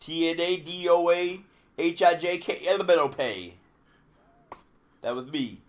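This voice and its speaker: Brief: man putting on a cocky veteran wrestler, high-pitched, teasing drawl. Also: a little slow, slight background noise, lightly acted. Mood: boastful teasing. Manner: swaggering, teasing, calls people baby. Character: boastful drawling old wrestling legend, man. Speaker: podcast co-host. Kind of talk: comedic impression.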